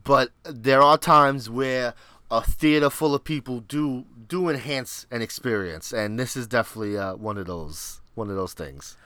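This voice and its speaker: A man with a mid-range voice co-hosts a relaxed pop culture chat. He sounds laid-back and agreeable and strings his thoughts together with plenty of fillers. The sound is dry and close, with no room echo. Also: medium pitch, moderate pace. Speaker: podcast co-host.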